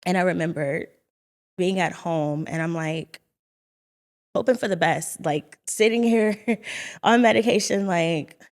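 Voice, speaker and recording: A young woman in an earnest, halting, reflective telling of her personal faith testimony. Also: fairly low pitch, a little mellow. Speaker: vlogger sharing her story.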